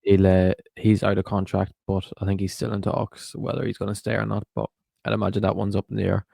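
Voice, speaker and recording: Male co-host, low gravelly monotone, dry mic. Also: a little fast, no echo. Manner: teasing, matter-of-fact. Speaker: podcast co-host. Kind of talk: casual football podcast chat.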